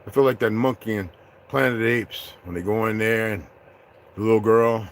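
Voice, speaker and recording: A man ranting to his viewers in an unscripted, confrontational, profane way, dropping to low mutters and rising to loud outbursts. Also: steady tone, a little fast, slight background noise. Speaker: vlogger addressing his viewers. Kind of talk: unscripted rant to camera.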